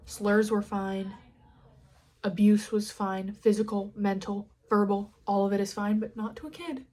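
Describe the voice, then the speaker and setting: A young Californian woman talks straight to her listeners in a loose, rambling solo podcast. She swears freely and swings from loud bursts to quiet mutters, with a middle-range voice that is neither high nor low. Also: fairly even intonation, measured pace. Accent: Californian American. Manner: rambling, candid, sweary, dramatic swings in loudness. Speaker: podcast host. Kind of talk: casual solo podcast chat.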